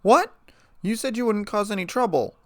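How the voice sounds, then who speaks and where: A man's voice: high voice, expressive, normal speed, a bit bright, no echo, studio quality, pitched above the performer's own voice. A man voicing a studious, earnest young female unicorn who talks in a prim, reproachful way. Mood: scolding.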